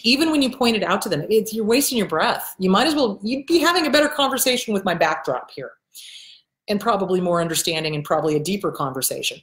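A woman counselor talks straight to her viewers in a casual, blunt way. She hammers her points home by repeating them and swears now and then without fuss. Her voice sits at an ordinary pitch, and the room around her sounds echoey. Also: lively intonation, fast. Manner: acts out quoted people in a shifted voice. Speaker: host and counselor answering viewer questions. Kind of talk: casual advice talk to camera. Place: indoors in front of a backdrop.

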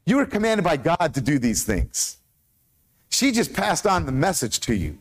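Lively American pastor preaching. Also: male voice, mid-range voice, moderate pace. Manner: animated, asks the congregation questions, stumbles over hard names. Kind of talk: sermon.

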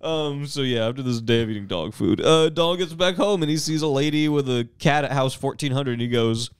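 A young man hosting a podcast in a casual, animated recap style. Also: mid-range voice, a little fast, clear, resonant tone. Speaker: podcast host. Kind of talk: casual chat.

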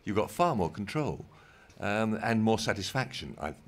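An older man with an English accent, a former television director telling stories from his career in an interview, unhurried with dry humour. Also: on the low side, sing-song. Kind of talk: anecdotal interview talk. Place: event stage in front of an audience.

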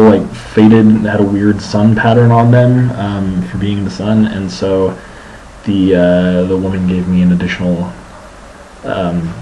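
A man's voice: fairly low pitch, darkish tone, slight background noise, low-quality recording. A young man rambling through a casual video diary about his day as a student, full of ums and restarts. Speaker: student vlogger.

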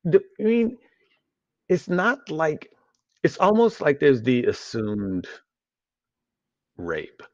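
A man's voice: a little high, huge pitch swings, slow, long pauses, no echo, muffled recording. A man co-hosting a casual podcast chat, rambling and joking crudely, with frequent restarts. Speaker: podcast co-host.

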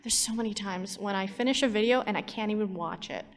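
A woman's voice: mid-range voice, quick pace. A woman chatting casually on a convention panel as a YouTube storyteller. She is chatty and giggly, with many fillers and restarts. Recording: long hall reverb from a convention panel.

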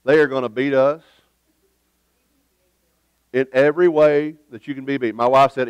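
A man's voice: medium pitch, fairly even intonation, moderate pace, pauses often, clear, resonant tone, dry recording, lo-fi sound. A man preaching a sermon as pastor in a church, emphatic and conversational, with joking asides. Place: church sanctuary.

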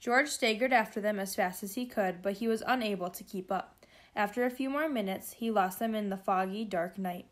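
A woman reading a children's novel aloud in a steady, expressive storytelling way. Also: medium pitch, normal speed. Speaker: reader.

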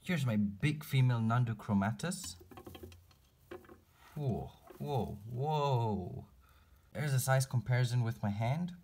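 A man's voice: mid-range voice, brisk, hardly any pauses, warm tone, slight background noise. A man narrating a casual pet-keeping vlog, chatty and teasing his spiders as he feeds them. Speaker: reptile and spider keeper vlogger.

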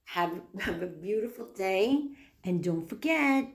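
A woman's voice: medium pitch, expressive, takes it slowly, vocal fry, a little mellow. A woman vlogging with her small dog, talking to it in doting, sing-song baby talk full of coaxing questions. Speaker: pet vlogger.

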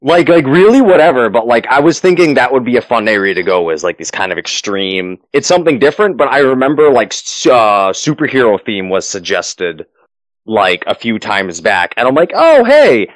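A man's voice: medium pitch, animated, normal speed, no room sound, rough recording. A man running a tabletop game as game master, narrating the finale and then chatting loosely with many fillers and restarts.

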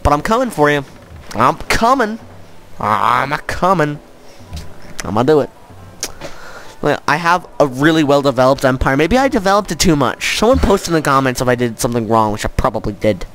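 A man's voice: mid-range voice, sing-song, fast, fairly bright tone, a little hiss or hum. A man hosting a casual let's-play of a strategy game, joking and laughing often as he plays. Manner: playful, laughs often, jokey. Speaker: gaming channel host.

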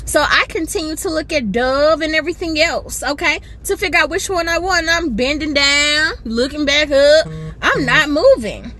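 A woman's voice: high voice, moderate pace, sharp tone, slight background noise. A woman in her thirties telling a dramatic, sassy story in a vlog from her parked car, recorded on a phone. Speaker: family vlogger. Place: parked car in a store lot.

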